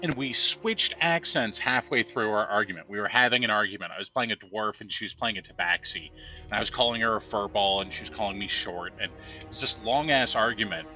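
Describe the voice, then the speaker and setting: Bright-voiced chatty man, gameplay commentary. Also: lowish voice, fairly quick, soft background music. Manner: rambling, chatty storytelling with laughs. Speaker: gameplay streamer.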